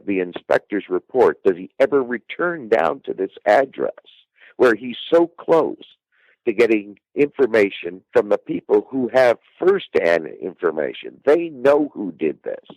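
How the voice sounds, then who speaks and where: A man telling a true-crime story as a podcast guest, halting with frequent fillers and restarts. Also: on the low side, no room sound, low-quality recording. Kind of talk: true-crime case retelling.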